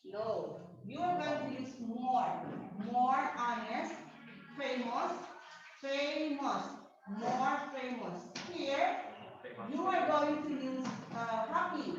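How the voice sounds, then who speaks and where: Slow, patient woman teaching in a roomy class. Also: high voice. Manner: slow, repetitive, checks understanding with "okay?". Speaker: English teacher. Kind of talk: grammar lesson to a hybrid class. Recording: dull roomy classroom recording.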